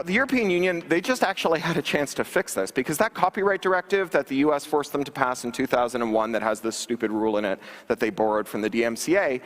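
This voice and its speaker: With a mid-range, fairly bright tone, a man speaks from the stage of a large conference hall. His keynote is sarcastic and wry, peppered with ums and restarts, all carried on the hall's long echo.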